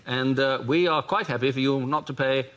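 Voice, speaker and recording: A man's voice: medium pitch, normal speed, close to an everyday voice. A comedian playing an awkward, flustered male prime minister on a state visit, in an improvised sketch. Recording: loud background noise.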